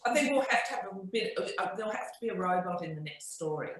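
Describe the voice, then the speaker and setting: A woman chatting casually as a podcast co-host, with relaxed, wry asides. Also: on the low side, fast. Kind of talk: casual group chat. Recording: very echoey room.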